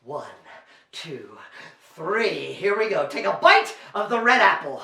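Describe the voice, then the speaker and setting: Playful male children's entertainer, bright tone, lively pitch, echoey room. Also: slow pace, vocal fry. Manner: playful, talks to the kids at home. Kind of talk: comic juggling performance for kids. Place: library show recorded on video.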